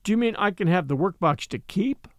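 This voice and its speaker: A man voicing a worried, gentle little girl in an old storybook tale, asking soft, uneasy questions. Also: sits high, expressive, a little fast, dry recording, clean studio sound. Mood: anxious. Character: anxious, gentle little girl clutching her doll.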